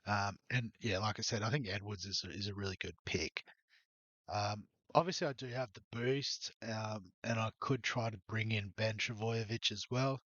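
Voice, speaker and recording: A man's voice: on the low side, moderate pace, fairly bright tone, no echo, dull audio. A man walking through his fantasy rugby league team in a rambling, hesitant way, full of ums. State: has the hiccups. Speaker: fantasy sports youtuber. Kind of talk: casual fantasy team walkthrough.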